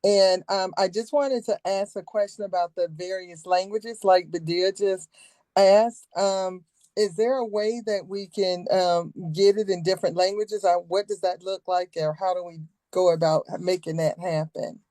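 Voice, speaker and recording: A woman's voice: lowish voice, fairly even intonation, unhurried, dark tone, no room sound, poor audio. A woman on a video call, asking a question in a courteous, thorough way. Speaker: call participant.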